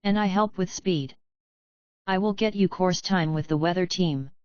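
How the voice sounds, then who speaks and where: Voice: medium pitch, moderate pace, clean tone, no room sound, dull audio, natural voice. A woman voicing a cocky, competitive female pegasus racer who talks in boastful declarations.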